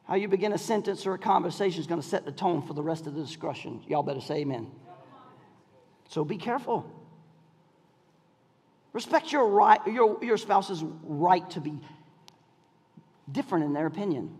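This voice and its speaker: A man preaching a sermon in a church, calling out to the congregation and swinging between shouts and near whispers. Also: high-pitched, lively intonation, moderate pace, pauses often, breathy edge, big-room sound. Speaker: pastor. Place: church sanctuary.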